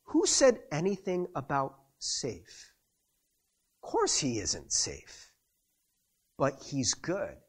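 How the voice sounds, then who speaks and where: A man's voice: on the high side, huge pitch swings, slow, pauses often, slightly rough, exaggerated voice. Man doing a solemn British storybook beaver. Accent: put-on British. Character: earnest talking beaver, male storybook creature.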